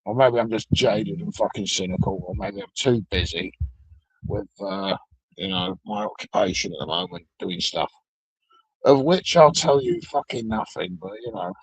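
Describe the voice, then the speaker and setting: A man's voice: on the low side, big pitch swings, normal speed, gravelly, husky, dry recording, poor audio. A middle-aged man, ranting alone to camera in a blunt, sweary, sardonic way. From Britain. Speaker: vlogger. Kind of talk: profane solo rant.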